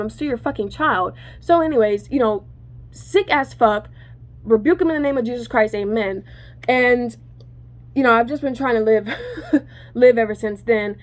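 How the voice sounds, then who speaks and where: A woman's voice: on the high side, normal speed. A woman telling a personal story to her viewers in casual chat, rambling and correcting herself, cursing freely.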